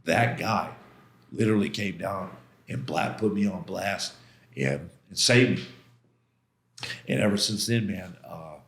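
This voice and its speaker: Animated storytelling man in a roomy studio. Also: sits low, unhurried, long pauses. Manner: animated, acts out quoted voices, frequent "man". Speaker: podcast guest. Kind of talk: casual storytelling interview.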